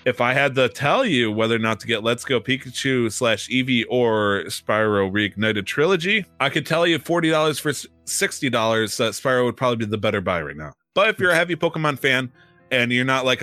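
A man's voice: medium pitch, fairly quick, sharp tone, no echo, soft background music. A man co-hosting a podcast, chatting casually in a rambling way with many fillers and restarts. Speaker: podcast co-host. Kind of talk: casual chat.

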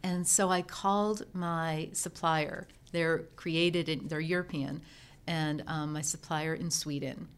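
Middle-aged woman telling her story, slightly low. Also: takes it slowly, clear, resonant tone. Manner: lively storyteller who acts out remembered dialogue. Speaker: guest, professional organizer turned entrepreneur. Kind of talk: casual storytelling interview.

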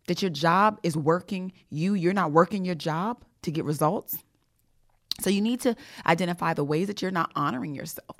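A woman hosting a motivational leadership podcast. She speaks emphatically, repeats her points and fires off rhetorical questions. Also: fairly low pitch. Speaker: podcast host and leadership coach.

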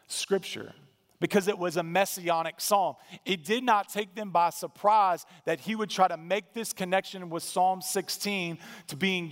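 Higher-voiced pastor preaching in a reverberant hall. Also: male voice, fairly bright tone. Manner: conversational, emphatic, with dry asides. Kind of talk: sermon.

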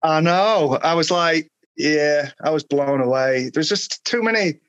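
A man with a fairly high voice tells rambling stories and laughs a lot as he talks. The sound is dry and close. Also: unhurried, a bit bright, no echo, dull audio. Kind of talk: casual chat.

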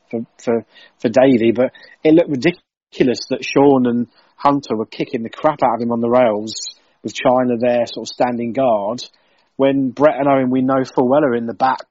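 A man's voice: medium pitch, a little mellow, slightly rough, dry recording, highs cut off. A man co-hosting a casual podcast, talking in an exasperated way with stammered restarts. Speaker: podcast co-host. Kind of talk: casual wrestling review chat.

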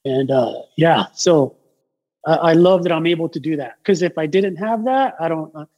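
A man who works as a tattoo artist, chatting casually as a podcast guest and telling stories in a rambling, animated way with lots of fillers. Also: a little high, moderate pace, lo-fi sound. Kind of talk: casual podcast chat, storytelling.

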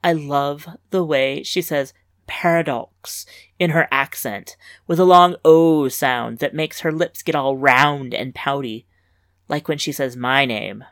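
A woman hosting and reading a story aloud in wry, lively first-person narration on a close mic. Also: sits low, a little slow, no echo. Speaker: story reader and host. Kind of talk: scripted fiction narration.

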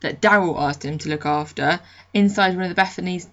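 A woman's voice: on the low side, fairly quick, a bit bright. A woman co-hosting a podcast, chatting casually in a wry, teasing manner. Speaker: podcast co-host. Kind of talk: casual chat recapping a soap. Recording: dull lo-fi recording.

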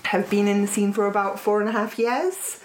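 A woman's voice: medium pitch, steady tone, moderate pace, echoey room, a little hiss or hum. A woman with a Scottish accent, a podcast guest chatting casually and giggling as she tells stories. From Scotland. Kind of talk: casual conversation.

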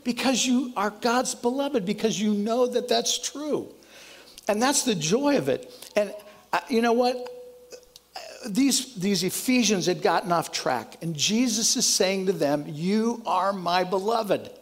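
A man pastor delivering a sermon in a high voice with a gravelly rasp. He talks earnestly and conversationally, often circling back to restart a phrase. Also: animated, measured pace. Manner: lowers voice to a soft, quiet prayer.

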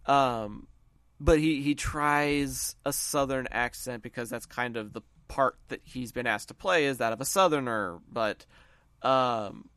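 A man's voice: medium pitch, measured pace, a bit bright, clean tone, no room sound. A man from the American South talks movies as a podcast co-host, rambling eagerly and doubling back on his words. His voice sits mid-range and sounds close and dry, with no room around it. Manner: rambling, enthusiastic, restarts phrases. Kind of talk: casual movie chat.

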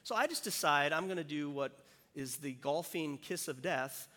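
Pastor, male, slightly high voice, chatty and self-deprecating storyteller from the pulpit, ringing in a big hall. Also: lively intonation, normal speed, bright, forceful tone. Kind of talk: sermon with a personal story. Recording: long hall reverb.

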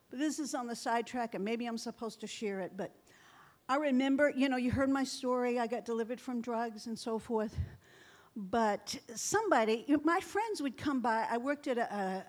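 A woman's voice: fairly high pitch, a little mellow. A middle-aged woman pastor preaching a sermon, telling stories in a chatty way and laughing often.

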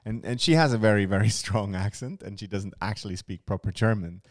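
A man's voice: lowish voice, brisk. A man co-hosting a podcast, telling stories casually in a wry, laughing way. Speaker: podcast co-host. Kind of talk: casual chat, storytelling.

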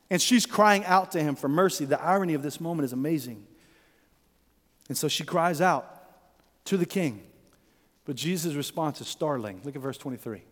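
A male pastor preaching a conversational, animated sermon who acts out the voices in the story. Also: on the high side, in a large hall.

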